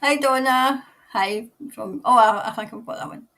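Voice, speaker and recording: A woman's voice: a little high, normal speed, fairly bright tone, distant mic. A Scottish woman hosting a casual live stream as a tarot reader, chatting loosely, laughing often and greeting viewers by name. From Scotland.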